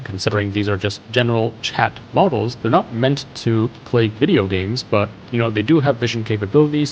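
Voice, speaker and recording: A man's voice: mid-range voice, a little mellow, lo-fi sound. A man hosting a tech news show, explaining a web page in a conversational way as he scrolls. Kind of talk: casual screen-share news commentary.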